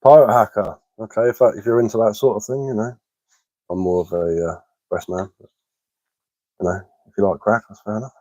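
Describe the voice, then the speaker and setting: Laid-back low-voiced man. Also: fairly even intonation, a little fast, pauses often, warm tone, no room sound, low-quality recording. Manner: laid-back, answers chat messages aloud. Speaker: bushcraft live-streamer. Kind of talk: casual live-stream chat while crafting.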